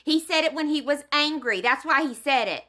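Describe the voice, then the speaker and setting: A woman giving a fired-up, foul-mouthed commentary rant. Her voice sits high and sounds sharp and bright, and she hammers each point with emphatic, heated force. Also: brisk. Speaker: commentary vlogger. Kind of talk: ranting commentary.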